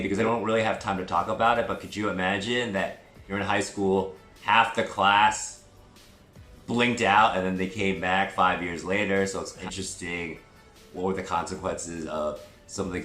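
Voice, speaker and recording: A man with a low voice and a fairly bright tone gives a chatty, digressive movie review vlog full of self-deprecating asides. The recording has a roomy echo with faint music.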